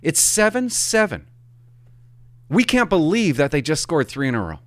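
A middle-aged man tells a casual, rambling story, his pitch leaping up and dropping low as he gets carried along. He swears for emphasis and backtracks as he talks. The sound is dry and close, with no room echo. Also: very animated, normal speed, fairly bright tone. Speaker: hockey parent.

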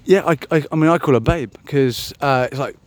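On his own podcast, a man rambles through his thoughts with self-deprecating humor, frequent ums and many false starts. His voice is a little high and his delivery brisk.

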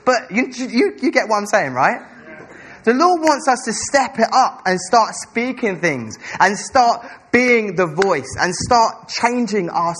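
A young English man preaching a sermon at a church service, excitable and rambling, restarting his sentences. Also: sits high, husky. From England.

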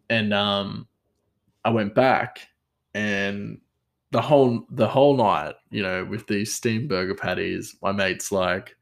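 A young man casually telling a story from his kitchen job, laughing often and acting out the people he quotes. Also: on the low side. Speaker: cook telling a work story.

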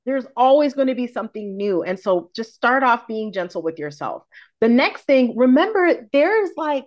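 A woman's voice: on the high side, very animated, moderate pace, lo-fi sound. A woman in her forties, a confidence coach and podcast guest, talking frankly and expressively in casual conversation, swearing freely.

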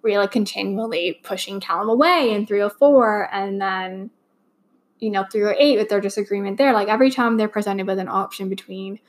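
A woman's voice: medium pitch, brisk. A young adult woman hosting a fan podcast, talking in a rambling, heartfelt way with lots of fillers and restarts, a little choked up. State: slightly choked up. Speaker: podcast host. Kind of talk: casual fan podcast monologue.

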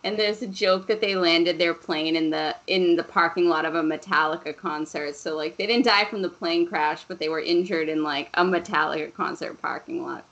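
A woman's voice: lowish voice, steady tone, moderate pace, few pauses, fairly bright tone, dull audio. A woman in her thirties co-hosting a podcast, chatting through a movie recap, laughing often and swearing casually. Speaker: podcast co-host.

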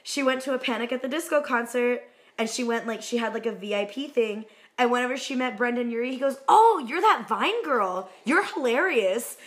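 A young woman in casual chat, an animated, giggly storyteller. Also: a little high, quick pace.

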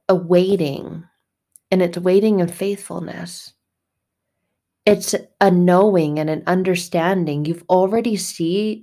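A woman's voice: lowish voice, a little mellow. Emphatic woman musing on faith. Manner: repetitive, emphatic phrasing; blunt, casually swearing. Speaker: faith vlogger. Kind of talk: casual spiritual monologue.

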